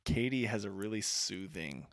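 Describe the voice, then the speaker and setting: A man's voice: fairly low pitch, normal speed, creaky, dry recording. A man co-hosting a podcast in casual chat, playful and teasing, on a studio mic in a room at home. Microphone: studio mic in front of face.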